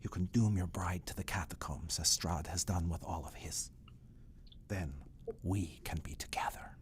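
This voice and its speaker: A man voicing a pallid young male vampire thrall, courtly and sinister, who speaks low and hushed, sometimes in a whisper. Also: unhurried, slight background noise. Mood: whispered menace.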